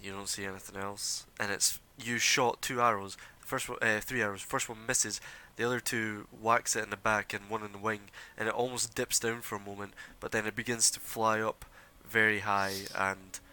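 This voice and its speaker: A man narrating as game master for a tabletop role-playing game, in a relaxed way with frequent pauses. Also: fairly low pitch, rough recording.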